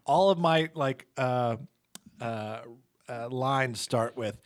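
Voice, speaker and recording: A man hosting a casual chat, teasing and joking in a deadpan way. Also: medium pitch, takes it slowly, no room sound, studio quality. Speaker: podcast host.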